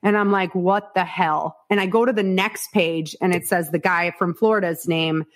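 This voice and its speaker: A woman from Iowa, United States, with a lowish voice, a steady tone, and a moderate pace, appears as a podcast guest. In this candid storytelling interview she tells her story frankly and with animation, acting out quotes and swearing and laughing often.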